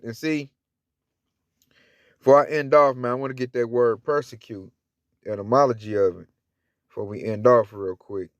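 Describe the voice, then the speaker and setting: A man's voice: medium pitch, no echo. A man with a Southern US accent giving a casual, slang-heavy religious talk as a Hebrew Israelite preacher. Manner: colloquial and slangy, acts out quoted voices. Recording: dull, lo-fi, dry recording.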